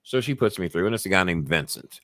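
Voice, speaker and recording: Casual livestream host: a man with a low voice that swings widely, rambling and salty, recorded dry and close. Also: quick pace, dry recording. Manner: rambling, profane, animated. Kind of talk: casual chat and storytelling.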